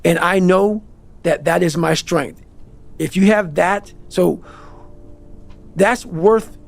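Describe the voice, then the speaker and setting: A man's voice: high voice, creaky. A man giving a passionate, emphatic motivational talk as a podcast guest, swearing often and pressing hard on his points. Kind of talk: intense motivational monologue. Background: faint background music.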